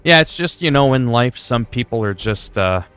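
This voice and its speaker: A man's voice: mid-range voice, lively intonation, normal speed, fairly bright tone, clear, resonant tone, faint music behind. A man chatting casually on a game livestream, rambling and swearing freely. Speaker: game streamer.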